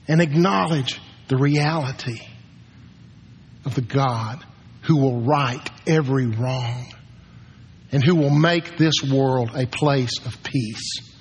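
An older man preaching a sermon as pastor, moving from hushed, slow words to shouted commands for quiet. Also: fairly high pitch, husky. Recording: long hall reverb.

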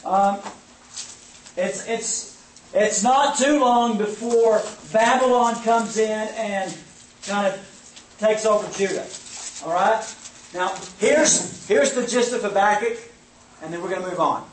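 A man's voice: high voice, slow, long pauses, slight background noise. A man teaching an informal Bible survey lesson, conversational and often checking in with his listeners. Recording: echoey room, mic at a distance.

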